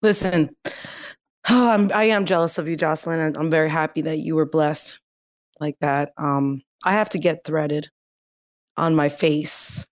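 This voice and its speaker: A woman hosting an online audio chat, giggly and relaxed as she moves the talk along. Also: sits low, unhurried. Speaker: host. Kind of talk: casual chat.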